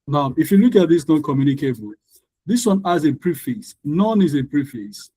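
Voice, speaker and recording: A man's voice: a little high, big pitch swings, normal speed, mellow, husky, no echo, low-quality recording. A male English tutor teaching an online class over a video call. He is patient and repeats each rule for his students.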